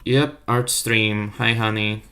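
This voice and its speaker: A man's voice: lowish voice, fairly even intonation, slow, noisy background. A young man and non-native English speaker with a self-made accent, chatting playfully and trolling on an art stream while reading chat aloud. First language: not English. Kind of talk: casual live-stream chat.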